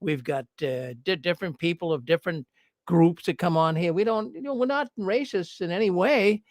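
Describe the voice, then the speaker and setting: A man's voice: sits high, moderate pace, no echo, clean studio sound. A man hosting a call-in show, talking in a folksy way and often repeating his words. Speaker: host.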